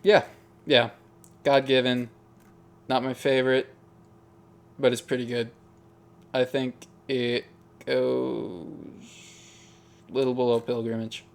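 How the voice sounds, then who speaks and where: A man's voice: medium pitch, little pitch movement, slow pace, creaky, long pauses. A man giving casual, musing commentary as he ranks songs, often hesitating and restarting. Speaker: music ranking video host. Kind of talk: casual tier-list commentary.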